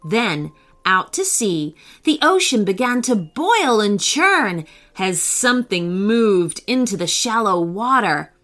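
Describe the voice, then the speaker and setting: A woman narrating a children's storybook in a slow, unhurried way. Her voice is bright and higher than most, with big melodic swoops on every line. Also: sing-song, soft background music. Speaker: children's story podcast host.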